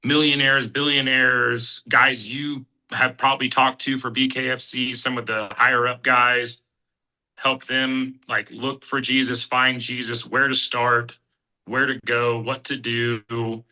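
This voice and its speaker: A man from Kansas City, a bare-knuckle fighter and podcast guest, telling a heartfelt personal story in an earnest, halting way. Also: medium pitch, level tone, pushed and bright, rough recording. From Kansas City, USA. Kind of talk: personal testimony in casual conversation.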